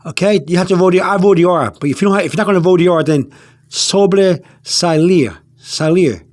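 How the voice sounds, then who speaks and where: A man's voice: sits high, rapid-fire, a little mellow, no echo, clean studio sound. A man giving a casual spoken language lesson, repeating himself with many fillers and restarts. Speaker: language teacher.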